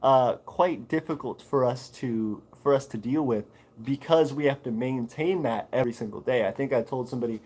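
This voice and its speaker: Reading out chat comments and responding with plenty of fillers and restarts, a livestream host keeps things casual and rambling. His voice is medium-pitched and darkish with a breathy edge, at a moderate pace, and the recording quality is low.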